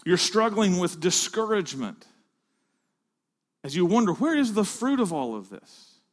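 A man preaching a sermon to fellow pastors, rising to loud emphatic peaks and dropping to hushed phrases. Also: sits high.

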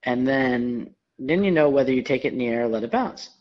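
A man who directs tennis, a guest in a casual interview who tells relaxed stories and gives quick affirmations. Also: medium pitch. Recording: dull lo-fi recording.

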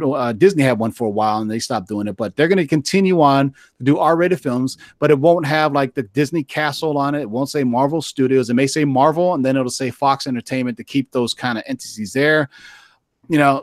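A man's voice: mid-range voice, dry recording, clean studio sound. A man chatting casually on a podcast, rambling and swearing freely with lots of filler words. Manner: rambling and profane, lots of "you know" fillers. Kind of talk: casual chat.

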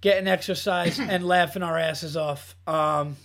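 A man's voice: fairly high pitch, steady tone, measured pace, creaky, a bit bright. A man hosting a comedy podcast, telling stories in a casual chat and laughing to tears as he restarts lines with "so then". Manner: storytelling, repeats "so then" while laughing. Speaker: podcast host.

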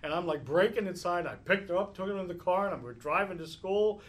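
This man, a meditation teacher speaking live, fields questions by telling animated stories and laughing softly often. He has a high-pitched voice and talks fairly quickly.

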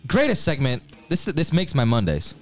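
A man hosting a sports talk show in a studio, upbeat and quick to laugh. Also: on the high side, huge pitch swings, faint music behind. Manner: upbeat, laughs between lines. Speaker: host.

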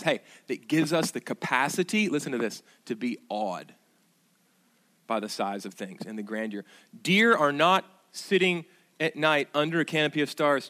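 Earnest preacher, hushed to emphatic. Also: male voice. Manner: earnest, swings between loud emphatic bursts and hushed low reverence; addresses listeners directly with asides and questions. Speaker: pastor. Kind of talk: sermon.

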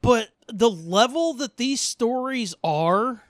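A man co-hosts a podcast with an extremely high, animated, slightly bright voice, speaking slowly with no echo. The talk is casual and profane, full of rambling stories and frequent laughter.

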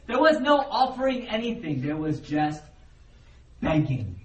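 A man preaching a sermon as the pastor, in a conversational, animated way, and he acts out the voices of the people he quotes. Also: high-pitched, measured pace. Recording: roomy echo, heard from a distance, faint background noise.

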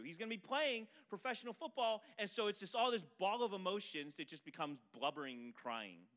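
A man preaching, his voice sitting a little high and carrying a bright, forceful edge. He tells a story with animated pacing and acts out the voices of the people in it, pulling the listener along toward his point. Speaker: pastor. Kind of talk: sermon with storytelling illustration.

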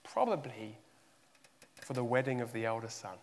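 A man's voice: medium pitch, animated, normal speed, in a large hall. A man preaching a sermon, asking the listeners many rhetorical questions and pushing his voice up for emphasis.

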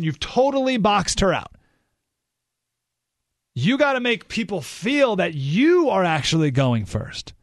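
A high-voiced man hosts a radio talk show from a studio, delivering an emphatic, opinionated monologue packed with rhetorical questions. The recording is dry.

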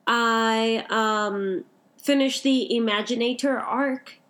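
A young woman with a high voice talks anime as a co-host, gushing freely. She strings her thoughts together with "like" in a loose, casual chat. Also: steady tone, takes it slowly, fairly bright tone. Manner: gushing, heavy use of "like". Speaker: podcast co-host.

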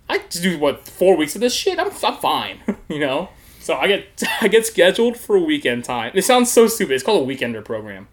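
Young male podcast host, slightly higher voice, loose, laughing, profane storyteller. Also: brisk. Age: young adult. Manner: laughing often, swearing, animated storytelling. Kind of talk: casual storytelling chat.

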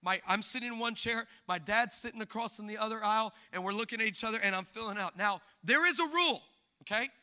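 A man preaching a sermon, telling a funny story in an animated, jokey way and acting out the people in it. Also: high voice, quick pace. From Hispanic background. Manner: animated, jokey, acts out quoted people with big shifts in loudness. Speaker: pastor.

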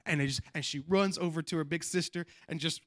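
A man preaches a heartfelt sermon, his voice pitched high for a man and bright with energy. He tells stories with animated swings, sinking to soft, intimate stretches and then rising into forceful, near-shouted lines. He keeps tossing in little asides like "watch this" to pull the congregation in. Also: fast talker, dry recording, clean studio sound. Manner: repeats catchphrases like "watch this" and "you know what I mean". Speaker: pastor. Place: church.

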